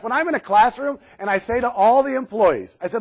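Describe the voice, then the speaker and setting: A middle-aged man giving a live safety talk to a room, sarcastic and lively, laughing often. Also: high voice, moderate pace. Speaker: safety speaker.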